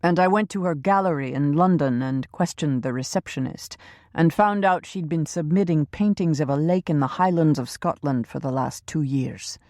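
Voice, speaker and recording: A man's voice: a little high, moderate pace, a little mellow, no echo, clean studio sound, natural voice. A woman reading a ruthless male hired killer in an audiobook, curt and menacing.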